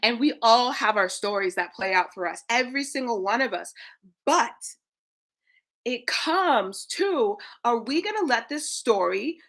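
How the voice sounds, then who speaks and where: A woman in her thirties, a spiritual coach giving an energetic, preachy livestream talk to her viewers, swearing casually. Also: on the high side, measured pace.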